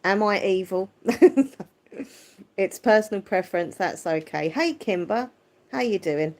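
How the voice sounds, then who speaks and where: A woman hosting a casual livestream, chatting and answering viewer comments. Her voice is squeaky yet deep, and her manner is chatty and quick to laugh. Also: lively intonation, a little mellow. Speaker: livestream host. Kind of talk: casual live chat, reading viewer comments.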